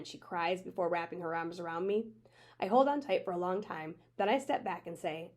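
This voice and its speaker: A woman, an elementary school teacher, reading a children's chapter book aloud in a steady, plain way. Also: fairly low pitch, brisk.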